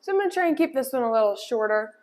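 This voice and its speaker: A woman dog trainer calmly explaining a lesson, with firm short commands to a puppy. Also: sits high, racing. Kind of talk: instructional demonstration.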